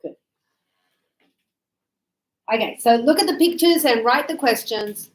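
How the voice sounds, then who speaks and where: A woman teaching a grammar lesson in a classroom, her voice sitting a little high. She talks slowly and deliberately, sounding out each word for the class. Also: animated. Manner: slow, deliberate, models pronunciation. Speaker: English teacher.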